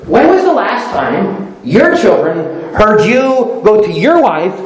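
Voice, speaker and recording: An older man preaching a sermon as pastor in a church, animated, laughing often and asking rhetorical questions. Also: high voice, slow pace, roomy sound, low-quality recording. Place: church sanctuary.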